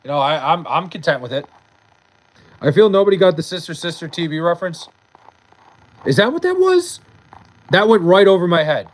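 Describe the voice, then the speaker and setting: A man's voice: on the high side, quick pace, low-quality recording. A young man chatting casually on a late-night livestream, reading chat aloud and bantering with loose, profane talk. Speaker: live streamer.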